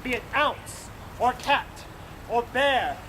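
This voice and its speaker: A woman playing a commanding male fairy king in a stage play, speaking verse in a stately, measured way. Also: a little high, animated. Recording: outdoor recording with clear noise.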